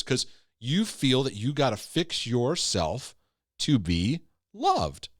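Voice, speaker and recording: Animated man giving an earnest teaching talk. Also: mid-range voice, moderate pace, no room sound, studio quality. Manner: emphatic, repeats key phrases, often asks "right?" and "okay?". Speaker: Christian teacher and former pastor.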